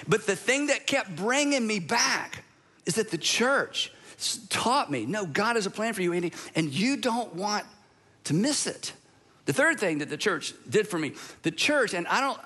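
A man's voice: high voice, pushed and bright. An American man, middle-aged, preaching a sermon in a conversational storytelling way with humorous asides. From United States. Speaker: pastor.

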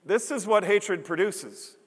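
A man's voice: sits high, lively intonation, slow, husky, long reverb tail. A man preaching a sermon as a pastor, earnest and emphatic, building his points through repetition.

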